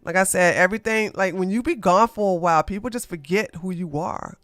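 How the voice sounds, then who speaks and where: Fired-up streamer, animated drama commentary, dry crisp sound, quiet music underneath. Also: mid-range voice, no echo. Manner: animated, talks back to the live chat, scolds and laughs.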